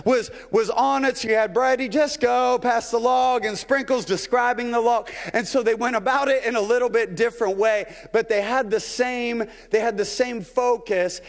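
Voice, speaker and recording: A man pastor preaching a sermon to his church, putting rhetorical questions to the congregation. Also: very high voice. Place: church sanctuary. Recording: long hall reverb.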